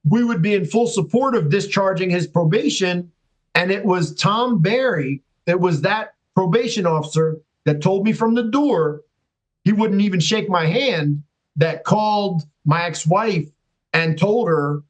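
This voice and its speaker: Podcast guest: high-pitched man, animated storyteller who acts out the people he quotes. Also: unhurried, low-quality recording. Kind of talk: casual storytelling.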